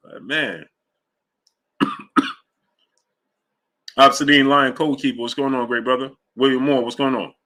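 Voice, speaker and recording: A man hosting a casual boxing livestream, rambling loosely between fan shout-outs and fight talk. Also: medium pitch. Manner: loose, rambling, drifts off track. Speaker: host of a live boxing show. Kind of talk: casual livestream chat reading super chats.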